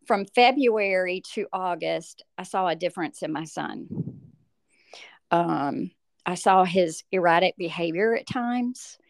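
A middle-aged mother, a guest, recounting a hard personal story, halting with fillers and acting out what people said. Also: mid-range voice. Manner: animated, acts out quoted voices, halting with fillers.

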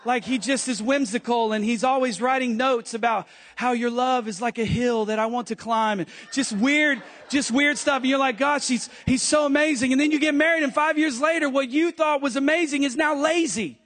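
A man preaching a sermon in church, animated and jokey, with quick asides to the congregation. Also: very high voice. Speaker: pastor.

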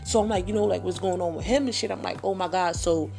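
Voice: medium pitch, quick pace, gravelly, darkish tone, faint music behind. A speaker telling a personal story in a casual, heated, profane way, often repeating phrases. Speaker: vlogger.

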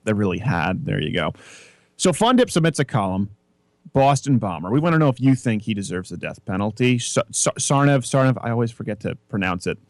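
A man's voice: mid-range voice, a little fast, no room sound, clean studio sound. A man hosting a casual comedic talk show, telling stories and mimicking other voices as he goes. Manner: animated storyteller, mimics voices in anecdotes. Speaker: podcast host.

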